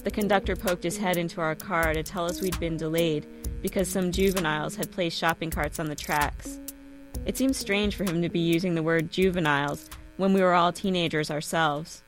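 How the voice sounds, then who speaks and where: Woman reading a story aloud, lowish voice, steady, faint music under it. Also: moderate pace. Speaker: narrator. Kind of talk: first-person story reading.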